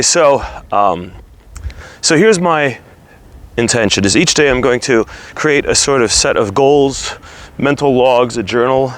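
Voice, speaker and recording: A man vlogging candidly about his weight, earnest and halting. He is slightly out of breath from walking while he talks. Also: medium pitch, fairly bright tone. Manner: earnest, halting, restarts words while opening up. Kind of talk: candid confessional vlog.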